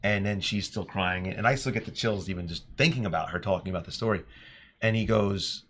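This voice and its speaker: A man and teacher telling classroom stories in an earnest, animated podcast chat. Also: lowish voice, brisk. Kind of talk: casual storytelling chat.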